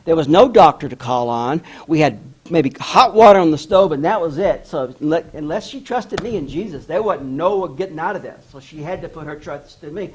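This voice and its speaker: A man's voice: on the high side, moderate pace, few pauses, slight background noise. An author telling a story in an address and acting out the people he quotes. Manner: animated storyteller who acts out quoted voices. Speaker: author giving a talk.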